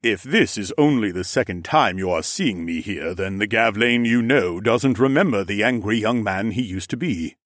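A man's voice: lowish voice, animated, normal speed, hardly any pauses, fairly bright tone, dry recording, clean studio sound. A man voicing a jovial, knowing older ram lord with horns, who speaks in a teasing, slightly formal way. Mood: amused.

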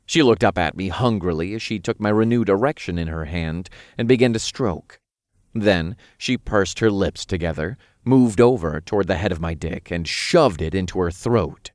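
Brief: male narrator, low voice, dry close-miked read. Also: normal speed, darkish tone, no room sound. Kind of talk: scripted first-person narration.

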